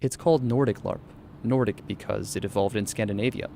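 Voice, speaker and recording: A man narrating a scripted radio news feature as a reporter, in a measured, even delivery. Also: fairly low pitch, gravelly, slight background noise.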